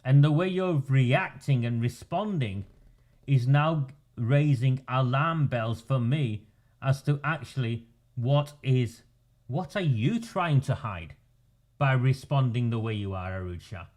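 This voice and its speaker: A man's voice: medium pitch, animated, unhurried, a little mellow. A man, commenting indignantly over footage of a council meeting. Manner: indignant, repeatedly calling out names. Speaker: political commentator.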